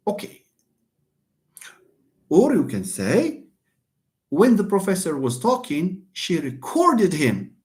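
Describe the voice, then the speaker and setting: Slow, emphatic man teaching. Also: sits high, darkish tone. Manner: slow, emphatic, drawn-out words. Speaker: English phonetics teacher. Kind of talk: online lecture.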